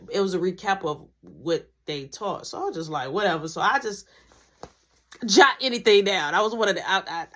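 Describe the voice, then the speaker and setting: A woman telling a school story in a slangy, animated storytime style, acting out the dialogue. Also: lowish voice. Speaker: vlogger. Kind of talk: storytime narration.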